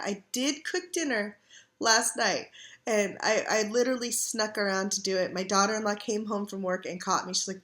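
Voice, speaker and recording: A woman's voice: medium pitch, a bit bright. A middle-aged woman chatting casually from her couch at home, sore and tired while recovering from surgery, rambling with lots of fillers. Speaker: vlogger. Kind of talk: casual chat.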